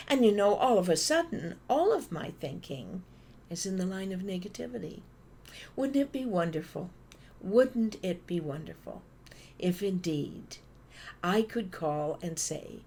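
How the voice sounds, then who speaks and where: A Canadian woman giving a motivational conference talk, telling stories and acting out phone calls in an animated way. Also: mid-range voice, normal speed, slight background noise. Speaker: conference speaker.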